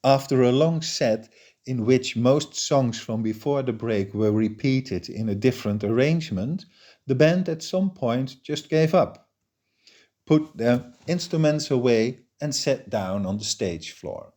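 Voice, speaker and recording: Reading a novel aloud, the man uses a mid-range voice and a calm, steady pace suited to audiobook narration.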